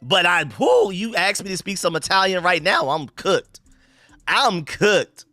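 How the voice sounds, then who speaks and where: Bright, slangy young male streamer. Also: high-pitched, very animated, unhurried, no room sound, faint music behind. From United States. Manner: loose, slangy and rambling, with frequent restarts. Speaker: sports livestream host. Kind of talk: casual live-stream chat reading viewer comments.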